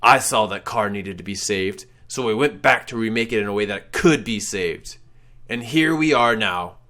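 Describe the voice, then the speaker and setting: A man voicing an ancient ghostly wraith sorcerer who declaims slowly and grandly. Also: bright, forceful tone. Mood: commanding. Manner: slow, booming, grandly declaiming.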